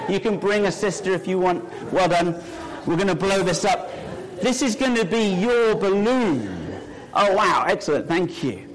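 A man leading a children's talk in a church service, playfully coaxing and encouraging a child volunteer. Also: fairly high pitch. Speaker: preacher.

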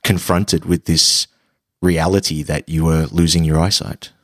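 A man interviewing a guest, asking his questions in a hesitant, halting way. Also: extremely low pitch, flat delivery.

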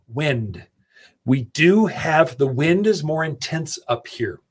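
A man's voice: fairly high pitch, husky. A man hosting a gardening radio show, giving folksy, chatty advice straight to his listeners into a studio microphone. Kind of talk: casual radio advice talk.

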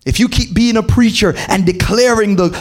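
A man preaching a sermon as pastor, calling on the congregation to repeat phrases and rising into shouted, sing-song peaks. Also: sits high, normal speed. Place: church hall with a congregation.

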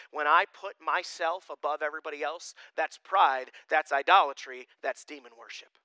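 A male pastor preaching a sermon, swinging between loud declarations and quiet asides. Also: on the high side, moderate pace, clean tone, no echo, poor audio.

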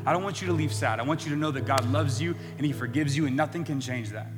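A man's voice: medium pitch, quick pace, big-room sound, music in the background. A man preaching a sermon in an earnest way that builds to impassioned emphasis.

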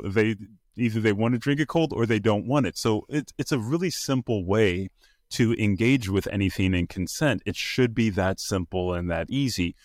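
A man with a fairly low voice talks through a topic in casual discussion. He is animated, jumps into higher voices to act out what people say, and restarts sentences as he thinks. The sound is dry and close. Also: no room sound. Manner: animated, acts out quoted voices in a higher pitch; conversational with frequent fillers and restarts. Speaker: podcast co-host.

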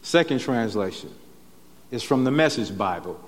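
A man's voice: on the low side, expressive, normal speed. Preacher man in a reverberant church hall. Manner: conversational preaching with frequent "right?" tags. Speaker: pastor. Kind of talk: sermon. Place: church sanctuary.

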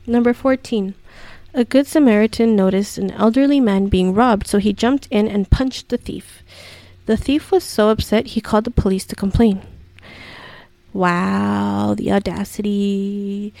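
A woman's voice: mid-range voice, fairly even intonation, unhurried, vocal fry, dark tone, no echo. A woman hosting a countdown video, reading each item and then reacting with incredulous, swearing commentary.

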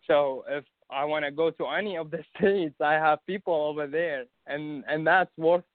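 Halting man on a tinny line. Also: fairly high pitch, dry recording. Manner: halting, many restarts and fillers. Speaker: guest recounting an event. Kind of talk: casual conversation.

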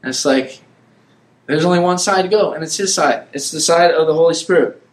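A man preaching a casual sermon, retelling a Bible story in a rambling, conversational way and acting out the characters in quick asides. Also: fairly high pitch. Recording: echoey room.

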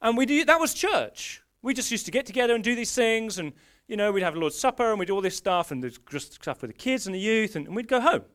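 A man preaching a sermon in a lively, conversational way, often restarting his phrases. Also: sits high, fast.

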